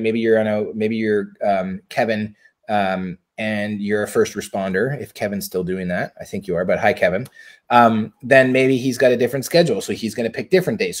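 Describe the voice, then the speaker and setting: A man's voice: medium pitch, darkish tone. A man hosting a casual live stream on a close mic. He talks chattily, keeps checking in with the viewers and sounds upbeat. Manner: upbeat, asks viewers for a hallelujah. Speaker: livestream host. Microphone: close personal mic.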